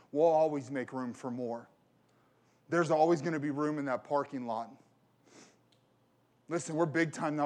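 A man's voice: medium pitch, darkish tone. A man preaching a sermon as a pastor, telling a personal story and repeating phrases for emphasis.

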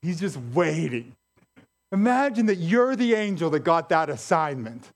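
Animated, higher-voiced male preacher. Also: a little slow. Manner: animated, emphatic, repeats key lines. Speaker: pastor. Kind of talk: sermon.

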